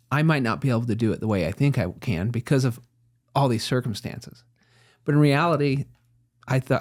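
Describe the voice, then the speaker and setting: A man's voice: medium pitch, darkish tone. A man hosting an interview as a therapist, affirming and reframing his guest's thoughts. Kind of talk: supportive interview conversation.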